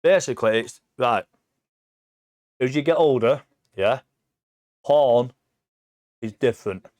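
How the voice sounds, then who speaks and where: A man in his forties with an English accent, telling stories in a sweary, animated casual chat as a podcast guest. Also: mid-range voice, slow pace, dry recording. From England. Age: 40s.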